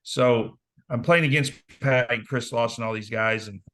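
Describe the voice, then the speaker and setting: A man in his forties from southern Indiana spins stories from his playing days in a relaxed interview. He talks casually, in a mid-range voice. He acts out the people he quotes. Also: medium pitch, normal speed. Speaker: interview guest, former basketball player. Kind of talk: casual storytelling.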